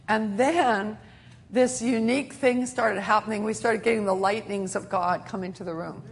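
A woman's voice: medium pitch, fairly even intonation, normal speed. A middle-aged woman preacher telling a sermon testimony in an earnest storytelling way, with many restarts.

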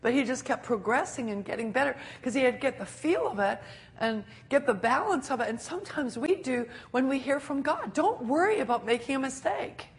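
An older woman preaching a sermon, animated and laughing often as she acts out quotes. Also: high voice, a little fast.

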